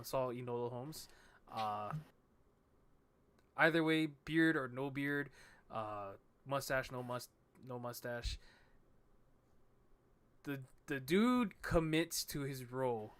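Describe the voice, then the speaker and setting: A man hosting a casual podcast chat on a headset mic, halting and repeating words as he talks. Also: medium pitch, a bit bright, clear, resonant tone. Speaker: podcast host.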